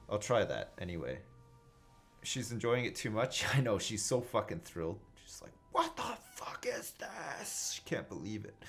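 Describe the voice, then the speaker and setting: A man's voice: medium pitch, fairly bright tone. A man casually commenting on his own space game live, joking, swearing and thinking aloud as he reads chat. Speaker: gaming livestreamer.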